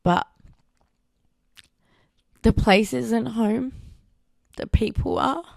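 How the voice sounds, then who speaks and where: A woman's voice: a little high, extremely slow, gravelly, darkish tone, no room sound, clean studio sound. A young Australian woman from Darwin hosting her own podcast, talking in a candid, emotional personal reflection with casual swearing. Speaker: podcast host.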